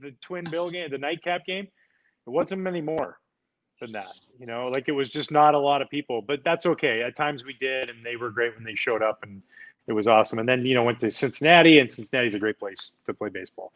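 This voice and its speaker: A man in his forties, a podcast guest, telling relaxed, rambling stories with lots of fillers. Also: medium pitch, dull audio. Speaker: podcast guest, former pitcher. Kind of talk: casual storytelling chat.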